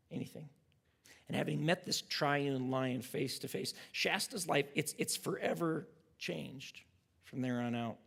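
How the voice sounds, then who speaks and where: A man's voice: on the high side, vocal fry, a bit bright, slightly rough. A pastor teaching a church class, earnest and reflective as he retells a story and draws lessons from it.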